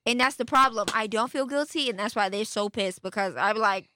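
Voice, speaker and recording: A young woman co-hosting a podcast in casual chat, blunt and animated, with plenty of profanity. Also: a little high, a little fast, a little hiss or hum. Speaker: podcast co-host.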